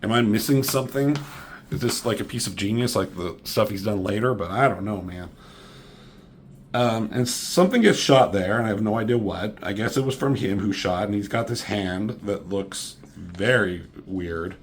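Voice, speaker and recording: A man casually reviewing a comic book, sarcastic and profane, mocking the characters with quick impressions. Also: on the low side, slight background noise.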